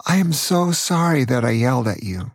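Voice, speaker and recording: An older man voicing a mother of a small boy, strict but loving, in a gravelly voice. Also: on the high side, expressive, unhurried, no room sound, studio quality. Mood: tender. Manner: stern then apologetic.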